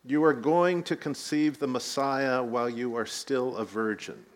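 A man's voice: mid-range voice, fairly even intonation, measured pace. A man preaching a sermon, telling the story with rising emphasis and light asides. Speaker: pastor.

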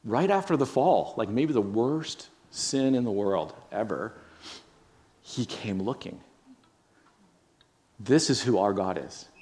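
A man's voice: on the low side, animated, slow, pauses often, a little mellow. A man preaching a sermon as pastor, earnest and repeating phrases for emphasis, then leading a prayer. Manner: earnest, repetitive emphasis, frequent "right?".

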